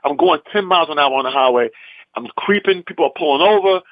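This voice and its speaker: A man's voice: fairly high pitch, quick pace, no echo, muffled recording. A male comedian from the US East Coast telling an anecdote in punchy bursts, often tossing in "man". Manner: animated, punchy, repeats "man". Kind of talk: storytelling anecdote.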